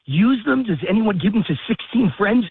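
A man's voice: high-pitched, animated, moderate pace, breathy edge, no room sound. A man giving emphatic political commentary over the phone, out of breath while walking his dog in a park. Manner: emphatic, ranting. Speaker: radio show guest. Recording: tinny phone line.

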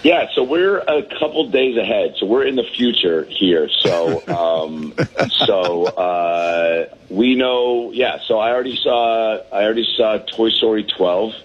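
A man's voice: on the low side, lively intonation, unhurried, hardly any pauses, a little hiss or hum. A man, a comedian calling in from a balcony, chatting in a rambling, self-deprecating way with lots of fillers over a phone line. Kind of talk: casual chat. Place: hotel balcony.

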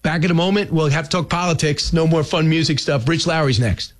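A man's voice: on the high side, a little fast, a little hiss or hum. A man hosting a radio talk show, asking earnest, leading questions of his guest. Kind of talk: interview.

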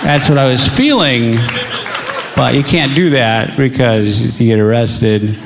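A man's voice: mid-range voice, unhurried, gravelly, crowd noise, background noise. A man doing stand-up as a father, telling stories in an exasperated, confessional way. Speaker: stand-up comedian. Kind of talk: stand-up comedy set.

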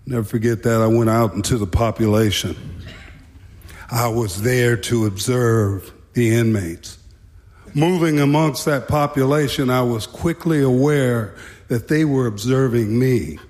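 A man's voice: mid-range voice, measured pace, darkish tone. A man telling a wry, dramatic story about his time as a prison guard. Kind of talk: storytelling talk. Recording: echoey hall.

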